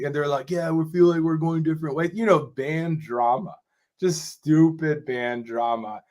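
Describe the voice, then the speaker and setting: Man, drummer guest on a podcast, casual storytelling, rambling, animated, filler-heavy. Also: on the high side, moderate pace. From Rochester, New York. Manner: rambling, animated, repeats "you know what I'm saying".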